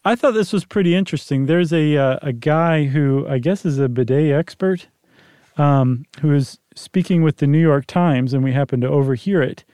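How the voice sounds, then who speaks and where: A man's voice: a little high, moderate pace, warm tone, clear, resonant tone, no room sound, clean studio sound. A man co-hosting a podcast, chatting casually and explaining things in a playful, wry way. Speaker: podcast co-host. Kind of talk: casual chat.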